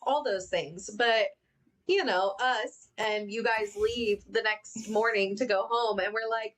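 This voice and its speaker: A woman's voice: mid-range voice, slow pace, a bit bright. A woman chatting casually on a podcast in a hesitant way, with lots of fillers and giggles. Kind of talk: casual chat.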